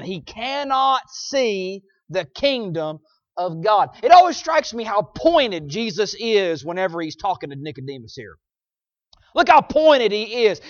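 A man preaching a sermon emphatically, often punctuating his points with amens and swinging between loud stresses and quiet asides. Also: very high voice, no room sound, lo-fi sound.

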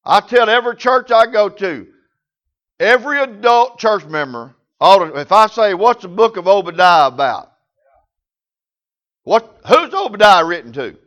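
High-voiced preacher, lo-fi sound. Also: male voice, a bit bright. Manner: folksy storytelling with rural grammar. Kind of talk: sermon.

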